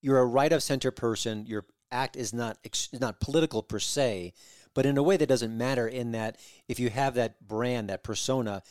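Measured male podcast host, dry sound. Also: mid-range voice, darkish tone, smooth, no room sound. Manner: measured, thoughtful, builds questions carefully. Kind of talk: casual interview chat.

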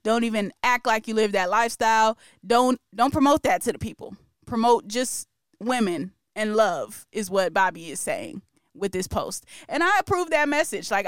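A woman's voice: mid-range voice, clear, resonant tone, no echo, studio quality. A woman co-hosting a podcast, chatting casually and laughing often, playful and opinionated. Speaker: podcast co-host. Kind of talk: casual chat.

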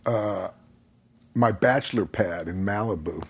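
A man, older, telling a personal story in a casual conversation, animated, often laughing and acting out what people said. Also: fairly low pitch, unhurried, creaky, a little hiss or hum. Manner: animated, laughs while telling, acts out quotes.

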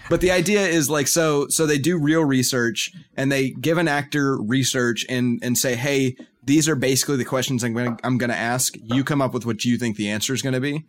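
A man chatting on a podcast with a middle-pitched voice. He gushes about things he likes, filling gaps with "uh" and "like" as he goes. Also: fairly even intonation, brisk, hardly any pauses. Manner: enthusiastic, filler-heavy recommender. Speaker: podcast co-host. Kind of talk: casual chat.

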